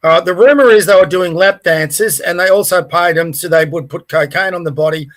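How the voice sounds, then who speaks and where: A man's voice: high voice, a little fast. A man with an Australian accent co-hosting a podcast, talking bluntly and angrily with lots of swearing. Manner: blunt, angry, profane. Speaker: podcast co-host. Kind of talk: heated casual chat.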